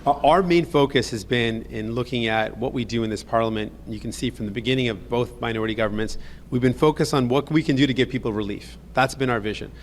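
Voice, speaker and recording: Fast rehearsed politician in a clip. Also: male voice, mid-range voice, slight background noise. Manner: repetitive, evasive, rehearsed. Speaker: politician in a press scrum. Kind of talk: scripted talking points.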